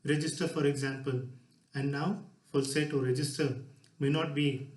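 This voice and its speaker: A man gives a lively public talk from a stage. His voice sits slightly higher than most men's. The hall around him echoes. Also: normal speed. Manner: lively, demonstrative, shifts voice to show examples. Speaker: speaker giving a talk. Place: stage before a live audience.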